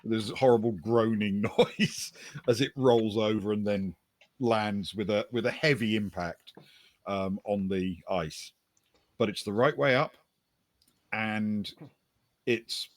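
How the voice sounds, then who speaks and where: A man narrating as game master of a tabletop role-playing game, telling the scene in a relaxed way with fillers and the odd chuckle. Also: lowish voice, takes it slowly, no room sound.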